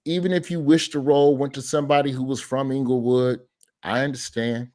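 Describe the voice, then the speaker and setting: A man's voice: mid-range voice, a little fast. Man, podcast guest; loose anecdote delivery, casual swearing. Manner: storytelling, animated, swears casually. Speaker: guest comedian.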